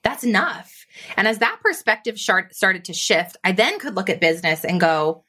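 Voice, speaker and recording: Woman, business coach as podcast guest; bright, animated storyteller, mid-pitched, acts out her own inner dialogue. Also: moderate pace. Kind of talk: conversational interview storytelling.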